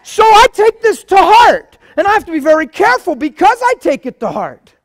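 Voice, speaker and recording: An animated male preacher delivering a sermon in a church. His voice sits high for a man, and he tells stories with swings from quiet asides to loud bursts. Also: normal speed.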